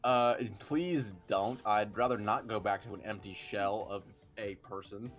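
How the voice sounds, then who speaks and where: A man's voice: on the low side, unhurried, soft background music. A man joking around as a guest in a casual roundtable podcast chat. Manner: joking, playful.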